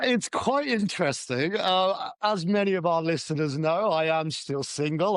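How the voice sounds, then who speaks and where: A man with a high voice co-hosts a language podcast. He jokes quickly and pauses to spell out and explain words for listeners. The recording is close and dry. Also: clean tone, no room sound. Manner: quick, laughing, explains vocabulary. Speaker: podcast co-host and English teacher. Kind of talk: casual chat.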